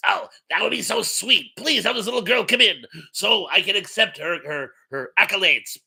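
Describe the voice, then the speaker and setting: A man's voice: high-pitched, normal speed, gravelly, bright, forceful tone, slightly rough, pitched above the performer's own voice, full character voice. A man putting on the voice of a grown male comedian, squawking and fawning as he retells a story. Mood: gushing.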